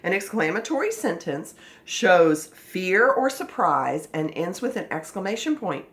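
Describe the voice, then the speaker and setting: Lively, expressive woman phonics teacher. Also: fairly low pitch, a little slow. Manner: expressive, patient, encouraging. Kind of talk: teaching a children's phonics lesson.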